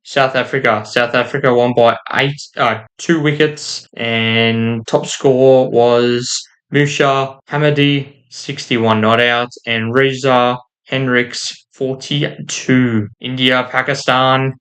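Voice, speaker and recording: Man, unhurried, mid-pitched voice, casual game commentary, trips over names, self-deprecating asides. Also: fairly even intonation, fairly bright tone. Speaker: gaming YouTuber.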